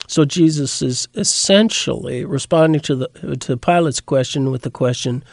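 A man giving an unscripted lecture on biblical Greek, halting with many fillers and restarts and stressing the Greek words he reads. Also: mid-range voice, vocal fry, dry recording, clean studio sound.

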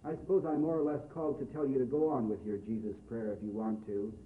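A man playing a young man who talks to his sister in a low, quiet, blunt and brotherly way. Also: flat delivery, fast, distant mic, lightly acted. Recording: echoey, phone-like, faint hiss.

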